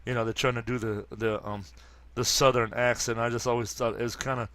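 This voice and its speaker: A man around fifty reading a comic aloud and commenting casually, halting often with fillers and restarts. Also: mid-range voice, flat delivery, a bit bright, dry recording. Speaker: comic book reader and commentator.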